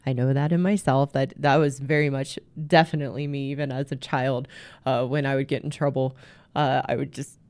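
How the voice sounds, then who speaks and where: A woman's voice: sits low, vocal fry, a little mellow. A woman hosting a marriage coaching show, talking earnestly in a teaching monologue and often restarting her words.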